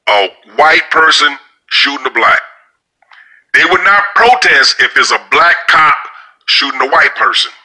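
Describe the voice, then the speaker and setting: A man with a very sharp, tense voice tells a story in a loose, casual monologue. He rambles and stumbles over repeated words, speaking bluntly and with strong profanity. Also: a little high, low-quality recording. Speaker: storyteller sharing opinions.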